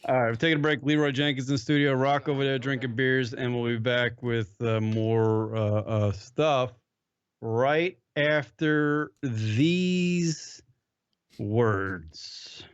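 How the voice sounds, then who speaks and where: A man's voice: mid-range voice, fairly even intonation, normal speed, few pauses, clean tone, no room sound. A man hosting a call-in radio show, talking loosely and swearing a lot. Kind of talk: casual profane chat. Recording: slightly dull lo-fi sound.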